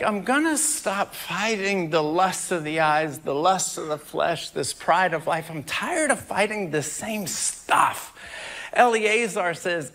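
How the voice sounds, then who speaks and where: A man preaching as a pastor, storytelling and then rising to loud shouted preaching before dropping back low. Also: expressive, slow pace. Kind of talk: sermon.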